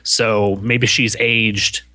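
A man's voice: fairly low pitch, little pitch movement, extremely slow, sharp tone, no echo. A man co-hosting a casual podcast, talking things through thoughtfully with frequent restarts. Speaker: podcast co-host. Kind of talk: casual comic book podcast chat.

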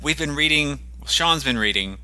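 Bright, lively-voiced podcast co-host. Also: male voice, a little high, normal speed. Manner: hesitant, self-deprecating, full of ums and restarts. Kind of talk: casual podcast chat.

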